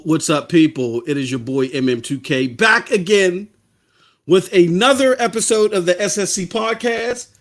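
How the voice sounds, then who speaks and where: A male podcast host in casual, animated chat, talkative and loose, out of breath from running up and down stairs. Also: sits high, moderate pace.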